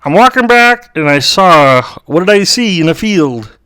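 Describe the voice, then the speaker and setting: A man's voice: sits high, animated, measured pace, bright, forceful tone, clean tone, dry recording. A young man rambling through a comic story and calling everyone dude. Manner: rambling, says "dude" a lot. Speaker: co-host. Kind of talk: comedic storytelling.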